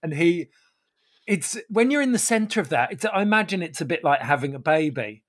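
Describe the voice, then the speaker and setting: A man calmly telling a casual story in a matter-of-fact way, often dropping into quiet asides. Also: a little high, brisk.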